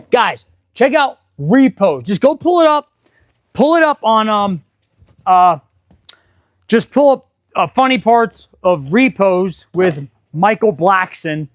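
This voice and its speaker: Working in his garage, a middle-aged mechanic hosts his channel's casual live stream in a high-pitched voice, captured in a dry recording. He chats excitably and rambles, with abrupt loud outbursts.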